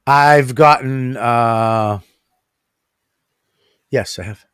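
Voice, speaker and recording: A man's voice: medium pitch, extremely slow, a bit bright, smooth, no echo, clean studio sound. A middle-aged man co-hosting a podcast, ranting crudely with lots of swearing and laughter. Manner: profane, ranting, laughs often. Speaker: podcast co-host. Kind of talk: crude comedic banter.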